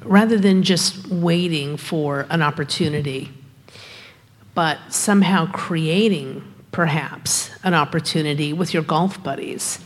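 Woman, very low voice, thoughtful group sharing, hesitant wording, echoing hall. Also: measured pace. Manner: thoughtful, searching for words. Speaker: group discussion participant. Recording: long hall reverb.

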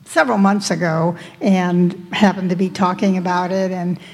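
A woman sharing in a group discussion, hesitant with frequent pauses. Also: fairly low pitch, fairly even intonation. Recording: long hall reverb.

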